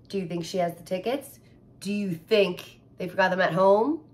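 A woman's voice: medium pitch, normal speed, darkish tone, a little hiss or hum. A woman teacher reading a picture book aloud to children, adding sound effects and asking them questions.

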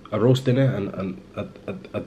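A young adult vlogger from Liverpool chats to his camera at home indoors, rambling casually and mocking himself, with plenty of fillers and restarts. His voice is lowish and dark, fairly quick, and the audio has highs cut off plus a little hiss or hum.

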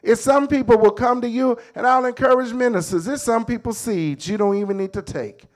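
A man's voice: extremely high pitch, brisk. A middle-aged man preaching a sermon as a bishop, emphatic, repeating his phrases and calling out "come on".

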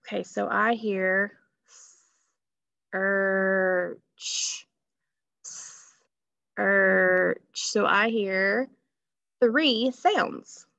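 A woman's voice: medium pitch, drawn-out words, creaky, pushed and bright, no echo. A woman teaching a phonics lesson to children, patiently stretching out sounds and asking questions. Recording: dull lo-fi recording.

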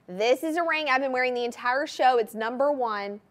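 A woman's voice: sits high, normal speed. Gushing woman shopping channel host. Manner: enthusiastic, gushing sales patter. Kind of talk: live TV shopping presentation.

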